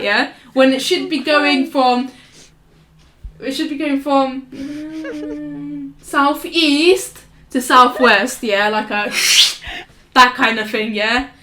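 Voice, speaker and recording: A woman's voice: high-pitched, fairly even intonation, slow pace, bright, forceful tone. A young woman, telling stories in a casual podcast chat, rambling, restarting and laughing often. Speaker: podcast co-host. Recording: roomy echo.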